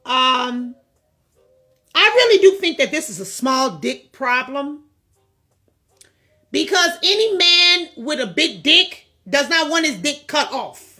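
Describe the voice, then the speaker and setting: A woman's voice: sits high, very animated, slow, long pauses, pushed and bright, faint music behind. A woman hosting a vlog, talking in a blunt, frank casual monologue with many fillers, recorded on a phone. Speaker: vlog host.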